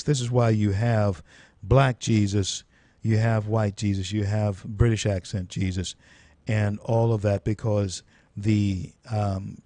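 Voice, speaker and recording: A man's voice: on the low side, a little mellow, dry recording. A man hosting a live-stream talk show, speaking in an earnest, preacherly storytelling way with frequent restarts. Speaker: host.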